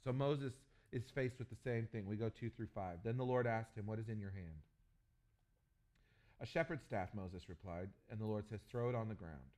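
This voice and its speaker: A man preaching a sermon, telling stories with humor and jumping to loud, animated bursts. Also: lowish voice, moderate pace. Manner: animated storytelling with jokes and sudden loud bursts. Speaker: pastor.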